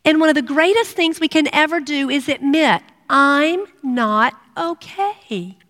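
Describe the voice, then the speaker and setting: A middle-aged woman preaches with earnest, personal warmth, her voice sitting a little high for a woman. The sound carries a long reverb, as if in a large hall. She slips into a hushed tone when she voices prayers. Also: fairly quick. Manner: earnest, drops to a hush for prayers. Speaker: women's ministry speaker. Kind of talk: sermon.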